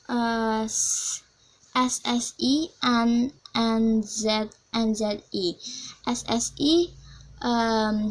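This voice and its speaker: A young woman from Indonesia, a student presenter, leading a pronunciation drill in simple English and repeating each keyword twice with pauses. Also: fairly high pitch, poor audio. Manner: simple non-native English with fillers.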